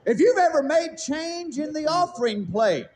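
A man's voice: extremely high pitch, lively intonation, moderate pace, darkish tone, a little hiss or hum. A man doing stand-up comedy on stage, delivering a punchy list of one-liners that keep returning to the same tag line. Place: comedy stage with a live audience.

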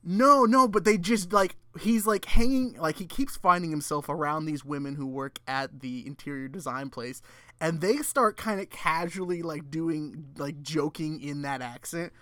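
A man recapping a movie in loose, rambling casual chat. He laughs and sounds exasperated at the plot. His voice sits a little high and sounds dry and close. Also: normal speed, sharp tone, no echo. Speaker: podcast co-host.

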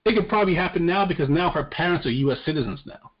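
Talking very fast in a slightly high, expressive voice, a man co-hosts a casual news podcast. He's blunt and profane and tends to stammer as he restarts sentences, and the lo-fi recording is muffled.

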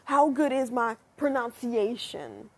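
A high-pitched young woman from the United States talks straight to camera in a loose, chatty monologue. Her voice is airy and a little husky, and she drifts between musing and animated asides, with the odd swear word. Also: slow pace. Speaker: vlogger.

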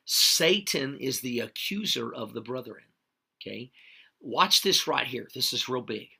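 A man's voice: medium pitch, animated, unhurried, creaky, sharp tone, slightly rough. A man preaching a livestreamed sermon, greeting viewers by name and hammering each point home with repeated "okay?" checks. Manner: emphatic, repeats key points with frequent "okay?".

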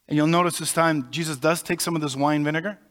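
Pastor preaching in a reverberant hall. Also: male voice, on the high side, steady tone, fairly bright tone. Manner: explanatory, conversational preaching with pauses. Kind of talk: sermon. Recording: long reverb of a large hall.

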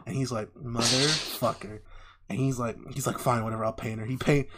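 A young man in casual chat, retelling a story with lively acted-out voices and lots of swearing. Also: mid-range voice, fast, heavy background noise. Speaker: podcast co-host. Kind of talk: casual chat, animated retelling of an anime plot.

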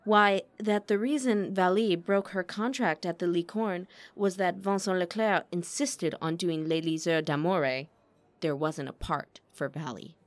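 A woman's voice: lowish voice, steady tone, a little slow, dry recording, lightly acted. A woman voicing a sly, gossipy male opera manager who needles his rival with false innocence.

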